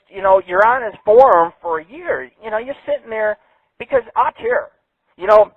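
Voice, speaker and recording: A man's voice: on the high side, no echo. A man hosting an internet radio show, ranting brashly and swearing a lot. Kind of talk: profane call-in radio rant. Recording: tinny phone-like dry sound.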